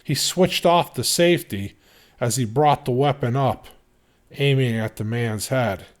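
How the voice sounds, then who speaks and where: A man reading a novel chapter aloud in steady, measured narration. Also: medium pitch. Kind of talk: audiobook reading.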